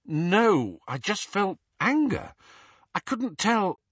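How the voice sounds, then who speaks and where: A man's voice: high-pitched, very animated, slow pace, a bit bright, slightly rough, no room sound, muffled recording, voice pushed up, exaggerated voice. A man voicing a tense teenage wizard boy in pain who talks in a strained mutter.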